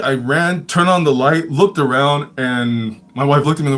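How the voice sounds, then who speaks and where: Medium-pitched man in a casual livestream, loose and rambling, swears freely, leans on filler words and laughs often. He sounds like he is chatting off the cuff rather than reading a script. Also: normal speed, few pauses, a bit bright. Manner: rambling and profane, many fillers. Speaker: livestream storyteller. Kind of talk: casual storytelling chat.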